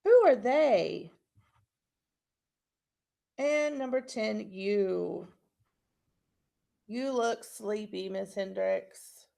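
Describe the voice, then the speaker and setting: A woman teacher giving a recorded lesson to young pupils, speaking slowly and clearly and checking in often with "okay?". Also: medium pitch, warm tone. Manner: slow, clear instructional delivery with frequent checks. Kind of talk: recorded online class lesson.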